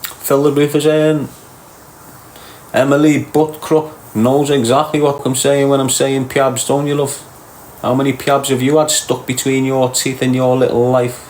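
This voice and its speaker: A man's voice: mid-range voice, little pitch movement, unhurried, a little mellow, slight background noise. A middle-aged man with a Liverpool accent, hosting a livestream and bantering crudely with viewers as he reads their comments aloud. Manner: teasing, crude, slangy. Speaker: livestream host. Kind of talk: casual banter reading chat comments.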